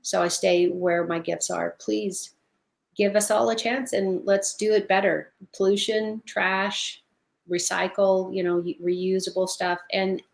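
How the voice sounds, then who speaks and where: A middle-aged woman chatting as an interview guest, her voice at an ordinary middle pitch. She tells stories with animation and breaks into laughter often. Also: flat delivery, unhurried, creaky. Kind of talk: casual interview chat.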